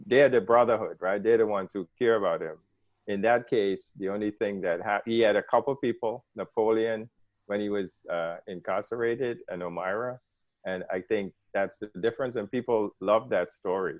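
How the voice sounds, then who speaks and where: A man with a somewhat low voice explains his filmmaking in a measured way, heard through a narrow, tinny phone line. The sound is dry, with no room around it. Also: no room sound. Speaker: documentary filmmaker. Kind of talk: casual radio interview.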